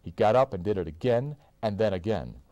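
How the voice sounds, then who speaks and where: A man reading a children's book aloud to his child, with expressive, animated storytelling. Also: fairly low pitch, fairly quick, no echo. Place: indoors.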